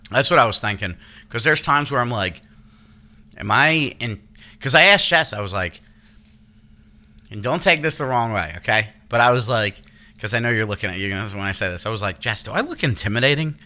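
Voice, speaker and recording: A man in his thirties telling a story in casual chat, animated and profane, acting out what people said. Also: lowish voice, a little fast. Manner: animated, profane, acts out quotes in raised voice. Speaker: podcast host.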